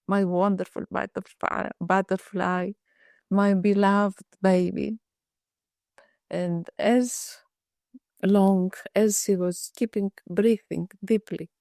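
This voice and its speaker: Slow, measured woman psychiatrist telling a case. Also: mid-range voice, dark tone, dry recording, studio quality. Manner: slow, measured storytelling with frequent restarts. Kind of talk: case presentation in a webinar. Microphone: video call.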